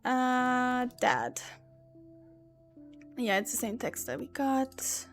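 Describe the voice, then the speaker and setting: High-voiced woman doing animated game commentary. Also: soft background music. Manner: animated, reads texts aloud in quick bursts. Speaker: gaming streamer. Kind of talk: let's play commentary.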